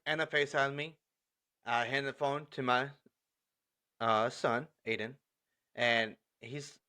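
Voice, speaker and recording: A young adult man co-hosting a podcast, casually telling funny stories about his son, acting out the dialogue and laughing often. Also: medium pitch. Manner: animated, laughing, acts out dialogue. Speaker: podcast co-host. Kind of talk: casual storytelling chat.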